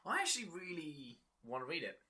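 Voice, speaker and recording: A man co-hosting a casual podcast, swearing often and laughing through animated banter. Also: fairly high pitch, fairly quick, breathy edge. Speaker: podcast co-host.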